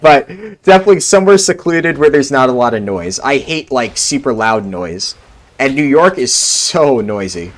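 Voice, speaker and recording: A man's voice: medium pitch, big pitch swings, moderate pace. A young man from New Jersey streaming a game, chatting casually with his viewers in a rambling, laid-back way full of fillers. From Central New Jersey. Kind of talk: casual chat answering live chat.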